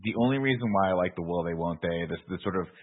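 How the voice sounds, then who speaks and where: A man's voice: low voice, fast. A man in his forties hosting a podcast, recapping a movie in casual, profane banter. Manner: profane, animated retelling. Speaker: podcast host. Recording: narrow phone-like audio.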